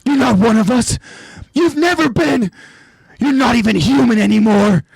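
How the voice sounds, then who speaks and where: A man's voice: lowish voice, slow, husky, no echo, exaggerated voice. A man voicing a furious, bitter young male soldier who accuses and screams at former comrades. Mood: screaming. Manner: shouting, accusing, rising to a scream.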